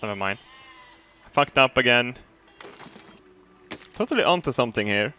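A man giving excitable gameplay commentary, laughing often and swearing freely as he builds. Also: mid-range voice, normal speed, faint music behind. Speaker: gamer.

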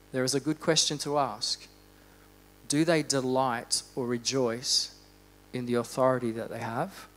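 A man preaching a sermon in a church, fervent, rising to loud exhortation and dropping to quiet reflection. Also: on the high side. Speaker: pastor.

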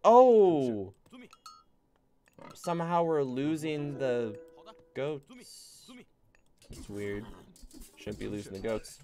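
A man's voice: medium pitch, animated, slow, pauses often, darkish tone, faint music behind. A man streaming a strategy game, rambling casually and bossing his units around with the odd swear. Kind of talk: casual gameplay commentary.

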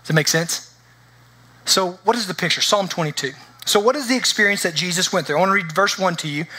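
A man preaches in church with a fairly high voice and a forceful, bright edge. His delivery is conversational and engaging, and he keeps asking the congregation whether they follow him. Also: quick pace. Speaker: pastor. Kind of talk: sermon.

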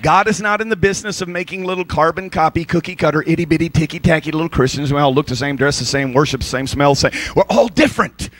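A male pastor preaching an energetic, joking sermon at a church service. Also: a little high, quick pace, hardly any pauses.

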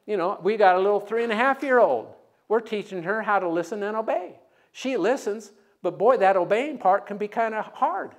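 A man's voice: high voice, lively intonation, normal speed. A man preaching a sermon in a church, telling stories and leading the congregation in call-and-response. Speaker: guest preacher. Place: church sanctuary.

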